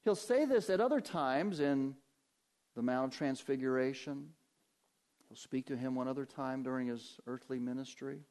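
A man preaching a sermon as pastor, rising to emphatic peaks and dropping to hushed, low passages. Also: moderate pace.

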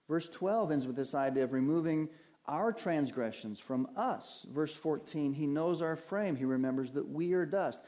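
A man preaching a sermon, reading Bible verses slowly and deliberately and putting questions to his listeners. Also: fairly high pitch, warm tone. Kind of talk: sermon teaching from Scripture.

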